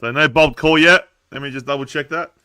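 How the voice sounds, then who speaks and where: Bright-voiced Australian man hosting. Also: a little high, fairly quick, clear, resonant tone, dry recording, studio quality. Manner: upbeat, running the segments. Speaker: podcast host. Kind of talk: casual chat.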